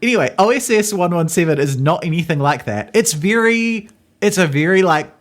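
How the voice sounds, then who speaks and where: A woman's voice: fairly low pitch, animated, brisk. A woman co-hosting a film podcast in casual chat, enthusiastic, with lots of "like" fillers. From Australia. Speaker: podcast co-host.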